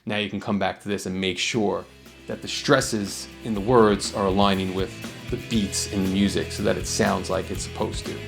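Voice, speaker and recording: A man teaching songwriting in a relaxed, explanatory way, with frequent fillers and restarts. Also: low-pitched, normal speed, gravelly, faint music behind. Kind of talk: casual instructional talk.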